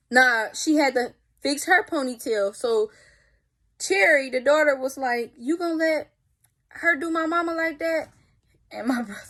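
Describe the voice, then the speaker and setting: A young woman telling a story in a casual vlog, animated and profane, with spoken sound effects. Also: high-pitched. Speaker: vlogger.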